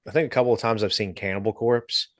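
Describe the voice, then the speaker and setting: A man hosting a video call chat about guitar rigs, relaxed and laid-back, with casual swearing. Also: on the low side, fast talker, no echo, clean studio sound. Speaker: host.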